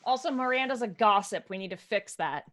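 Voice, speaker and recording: A woman's voice: mid-range voice, animated, fairly quick, a bit bright. A woman playing her character in a tabletop game, playful and giggly. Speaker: player.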